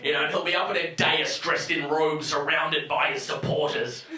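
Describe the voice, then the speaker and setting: Animated comedian in his thirties. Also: a little high, normal speed. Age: 30s. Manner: animated, exaggerated, bursts into shouting. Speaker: stand-up comedian. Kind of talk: stand-up comedy routine. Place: comedy venue. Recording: roomy hall, distant mic, audience laughter.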